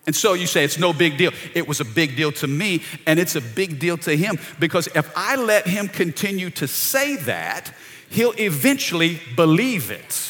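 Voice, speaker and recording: A middle-aged male pastor preaches with a bright, lively voice that swings up and down, calling out to his congregation. His voice carries a long reverb from a large church hall. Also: fairly high pitch, moderate pace. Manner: energetic, calls out to the congregation. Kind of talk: sermon. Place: church sanctuary.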